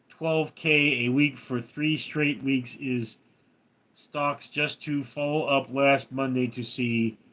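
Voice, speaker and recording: An older man hosting a livestream, reading viewer comments aloud in a dry, deadpan way. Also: mid-range voice. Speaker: livestream host reading chat. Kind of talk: casual livestream chat.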